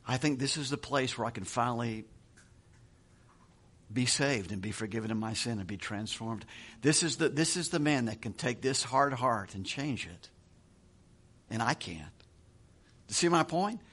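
A middle-aged man preaching a sermon in a relaxed, conversational way, chuckling now and then and often repeating words as he goes. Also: mid-range voice, moderate pace, pauses often. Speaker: pastor.

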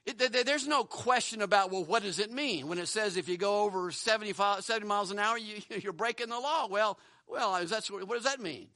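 A man's voice: high-pitched, a little fast, hardly any pauses, pushed and bright, dry recording. A pastor preaching a sermon in a church, earnest and pleading, often repeating words as he restarts. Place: church building.

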